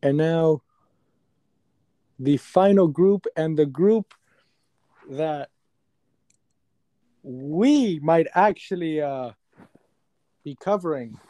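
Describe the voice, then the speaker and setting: A young man with a slightly high but mellow voice chats casually about sports as a podcast co-host. He is joking and playful. The sound is dry and close. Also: animated, very slow, pauses often, no echo. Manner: joking, playful, laughs often.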